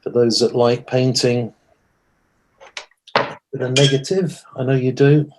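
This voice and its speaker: A man with a steady, mid-range voice leads a live watercolour demonstration a little slowly over a noisy background. Chatty, he thinks aloud as he paints, corrects himself mid-sentence and jokes at his own expense.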